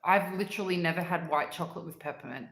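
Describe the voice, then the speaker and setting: This is a stuffed-up Australian woman hosting a laid-back livestream, constantly clearing her throat as she chats with viewers and enthuses about sweets with lots of "like." She talks fast, in a lowish, slightly bright voice, and the recording sounds roomy.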